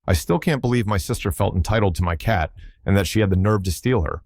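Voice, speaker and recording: Deep-voiced guy reading a reddit-style story, steady and even, dry close sound. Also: quick pace, no echo. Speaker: story narrator. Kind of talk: scripted first-person story narration.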